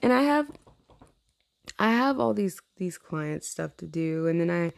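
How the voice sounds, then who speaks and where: A tired woman vents in a casual chat, blunt and profane, and rambles between laughs. Her voice sits low and has a gravelly fry. The sound is dry and close. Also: expressive, unhurried, no room sound. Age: adult with a teenage niece. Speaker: vlogger.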